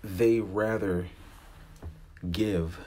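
A man's voice: on the low side, fairly even intonation, extremely slow, warm tone. A man in his forties from the United States, a vlogger giving a blunt, profane, impassioned opinion rant to camera.

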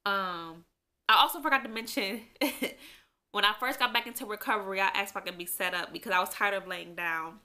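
A woman's voice: medium pitch, brisk, bright, forceful tone. A young woman telling her own story in a casual sit-down vlog, rambling with many fillers and growing emotional at times. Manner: emotional, eyes welling up at times. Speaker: vlogger.

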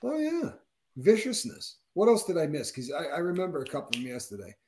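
A man's voice: a little fast, a loud crowd. A man in his fifties, co-hosting a casual chat and acting out quotes with big jumps in his voice. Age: 50s. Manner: animated storyteller, acts out quotes with big pitch jumps. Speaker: co-host.

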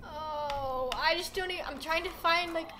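A woman's voice: extremely high pitch, normal speed, noisy background. A young woman giving dramatic gameplay commentary, groaning and shrieking at the game. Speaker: gaming streamer.

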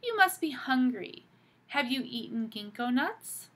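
A woman's voice: high voice, sing-song, unhurried, fairly bright tone, voice pushed up, exaggerated voice. A woman voicing a clever eldest girl who keeps asking curious questions. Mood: questioning.

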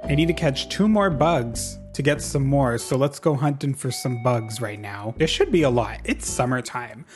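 A man giving casual gameplay commentary as a YouTuber, chatty and excitable, laughing often. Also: mid-range voice, normal speed, hardly any pauses, faint music behind. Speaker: gaming YouTuber.

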